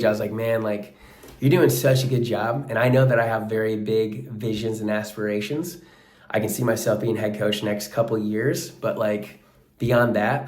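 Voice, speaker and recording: A man with a lowish voice talks to the camera in a relaxed, earnest vlog ramble, dropping "like" and "bro" often. He has just worked out and is sweaty. The sound bounces around an echoey room. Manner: casual, peppered with "like" and "bro", earnest. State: sweaty after a workout. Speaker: wrestling coach and life coach. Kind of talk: casual vlog monologue.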